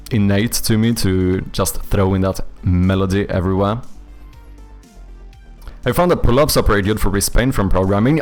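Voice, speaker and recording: A man's voice: lowish voice, a little mellow. A young man with a Swedish accent, a game developer chatting casually with viewers on a livestream, rambling and swearing freely. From Sweden. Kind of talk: casual livestream chat reading viewer comments.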